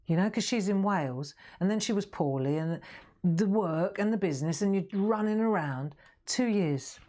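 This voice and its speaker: A woman's voice: mid-range voice, lively intonation, moderate pace, warm tone. A middle-aged woman, chatting casually and laughing often while demonstrating crafts on a live stream.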